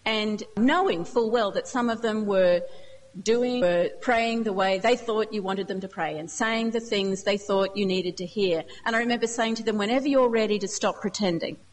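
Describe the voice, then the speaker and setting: A woman's voice: mid-range voice, normal speed. A woman giving a sermon, reading scripture passages aloud with emotional emphasis. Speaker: preacher. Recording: long hall reverb.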